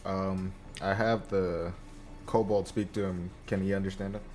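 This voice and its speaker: Man, very deep voice, tabletop player, blunt, casual. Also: flat delivery, unhurried, crowd noise. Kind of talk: casual tabletop game play.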